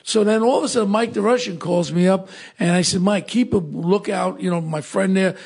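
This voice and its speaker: An older man co-hosting a podcast, telling stories in an excitable, rapid way with lots of repeats. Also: high voice, gravelly, breathy edge. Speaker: podcast co-host. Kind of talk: casual storytelling chat.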